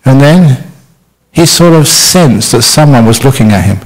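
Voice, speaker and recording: A man's voice: mid-range voice, lively intonation, unhurried, a little mellow, low-quality recording. A man giving a humorous Buddhist talk as a monk teacher, telling stories playfully with self-mocking humour.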